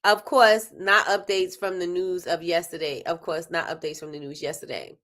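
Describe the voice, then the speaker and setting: A middle-aged woman hosting a casual talk stream, talking straight to her audience. Her voice is bright and tense at the edges, and she breaks into laughter often. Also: lowish voice, moderate pace. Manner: animated, laughs often, talks straight to viewers. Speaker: host. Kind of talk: casual livestream chat.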